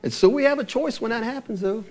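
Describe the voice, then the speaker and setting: A middle-aged man preaching a sermon as pastor, animated and asking his listeners rhetorical questions. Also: extremely high pitch, quick pace.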